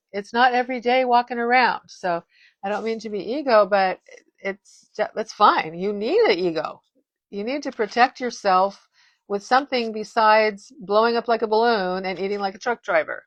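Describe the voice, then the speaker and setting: A woman's voice: mid-range voice, no room sound, dull audio. A woman in her fifties giving a casual direct-to-camera monologue as a wellness vlogger, emphatic, firm and blunt, often restarting her sentences.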